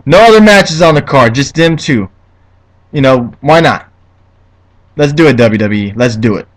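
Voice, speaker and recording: A young man talking casually into his own recording, running through a wrestling show and swearing freely as he goes. His voice sits at an ordinary middle pitch. He gets worked up and ranting, trips over his words and starts again. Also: animated, moderate pace, low-quality recording. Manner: profane, ranting, easily heated. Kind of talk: casual solo review.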